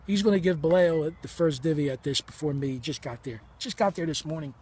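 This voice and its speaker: A man's voice: on the high side, a little fast, a little mellow, husky. A man in his fifties telling a personal story in a heated, blunt and profane way, acting out the dialogue as he goes. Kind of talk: emotional first-person storytelling.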